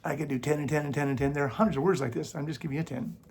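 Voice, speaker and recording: A man's voice: on the high side, steady tone, racing, vocal fry, darkish tone, slight background noise. A man hosting his own channel, arguing against critics in casual commentary, sarcastic and mocking, and coughing now and then. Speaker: YouTube channel host.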